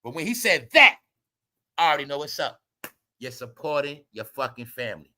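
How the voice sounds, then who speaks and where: A man with a high, bright voice delivers a heated gossip commentary. He swears freely and lectures his viewers, hammering the same points again and again. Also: sing-song, normal speed. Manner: heated, swearing, repetitive and preachy. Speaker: commentary channel host. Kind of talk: ranting celebrity gossip commentary.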